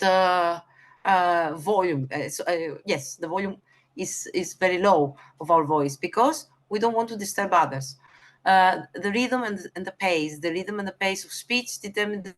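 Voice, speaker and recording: A woman with a Greek accent gives a lecture in a slightly low voice. She speaks haltingly, stops on fillers and often corrects herself in the middle of a sentence. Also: fairly bright tone. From Greece. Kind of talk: explanatory lecture on communication.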